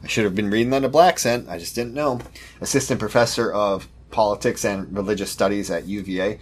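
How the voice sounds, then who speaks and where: A man's voice: on the low side, quick pace. A man hosting a podcast, reading news articles aloud and commenting on them in a sarcastic, mocking way. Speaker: podcast host.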